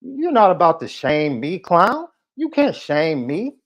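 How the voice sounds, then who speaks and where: A podcast host rants heatedly at a viewer on a live show, combative, taunting, and repetitive. His voice is a little high and sing-song at a measured pace, heard through muffled lo-fi stream audio.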